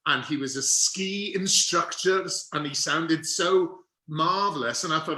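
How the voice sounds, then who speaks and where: A middle-aged man from Wales telling a lively, theatrical story as an interview guest, with quick asides. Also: a little high. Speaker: guest actor. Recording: roomy echo.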